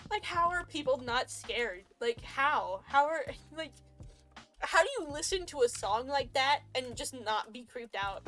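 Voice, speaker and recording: A woman's voice: high-pitched, expressive, unhurried, a bit bright, soft background music. A woman streamer chatting casually and rambling, joking and laughing often. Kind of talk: casual chat.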